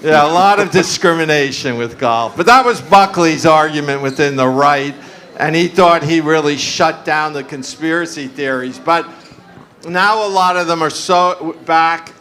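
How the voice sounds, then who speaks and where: Bright-voiced man on a conference panel. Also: a little high, normal speed. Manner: discursive, frequent fillers and asides, laughs often. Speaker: panel speaker. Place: live conference stage.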